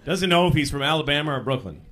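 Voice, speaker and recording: A man performing a stand-up comedy routine, telling exasperated stories and bursting into shouted acted-out lines. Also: on the high side, expressive, fast talker, background noise. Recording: live club with laughing crowd.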